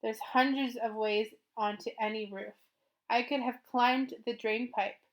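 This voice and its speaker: A woman's voice: fairly high pitch, steady tone, unhurried, close to an everyday voice. A woman voicing a wary, defiant boy who climbs rooftops. He speaks bluntly and curtly and drops in the odd French word. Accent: occasional French words. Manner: blunt, curt and dismissive.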